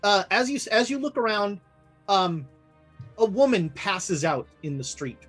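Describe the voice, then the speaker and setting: A woman running a tabletop horror game as game master, laughing often and voicing townsfolk with big pitch jumps. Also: animated, measured pace, breathy edge, faint music behind.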